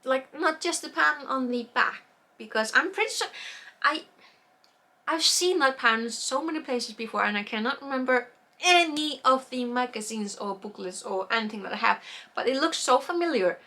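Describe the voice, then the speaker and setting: A woman's voice: high voice, lively intonation, moderate pace, pushed and bright. A woman chatting casually about knitting projects, rambling, losing her words and trailing off with fillers. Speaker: knitting vlogger.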